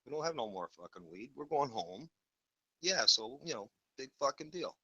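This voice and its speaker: A man's voice: mid-range voice, sing-song, moderate pace, sharp tone, slightly rough, no echo, lo-fi sound. A man telling a story in casual, blunt chat, swearing freely.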